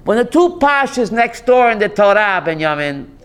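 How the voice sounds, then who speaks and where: A man's voice: high-pitched, sing-song, normal speed, fairly bright tone. A man, a rabbi, giving a joking Torah class to a live audience and putting questions to them.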